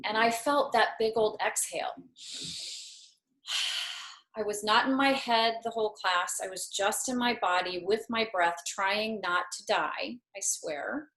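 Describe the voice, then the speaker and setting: Earnest woman in her fifties, a yoga teacher and guest, mid-pitched, telling a reflective personal story in a roomy-sounding space. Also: a little slow, a bit bright. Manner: earnest, reflective, lightly self-mocking. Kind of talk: personal storytelling in a talk show. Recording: roomy echo.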